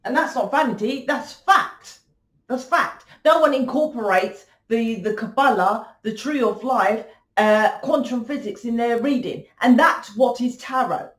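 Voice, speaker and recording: Blunt, swearing woman reading tarot. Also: fairly high pitch. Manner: blunt, swearing, confrontational, lecturing. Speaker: tarot reader. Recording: echoey room.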